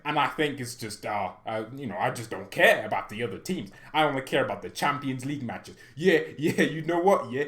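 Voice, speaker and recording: A man's voice: mid-range voice, animated, a little fast, few pauses, fairly bright tone, close to an everyday voice. A man voicing a cocky young male footballer in a put-on London accent, slangy and ending lines with "yeah?". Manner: slangy, tags "yeah?" and "mate".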